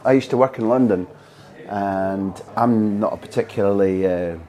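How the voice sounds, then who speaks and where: A podcast host from Scotland, with a mild Scottish accent, interviews a guest in a lowish, mellow voice at normal speed. His questions are articulate and playful.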